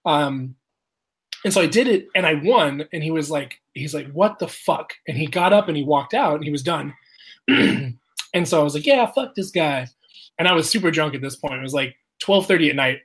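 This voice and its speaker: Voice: mid-range voice, a little fast, a bit bright, breathy edge. A person telling a casual story, swearing often, laughing and acting out the quotes of others.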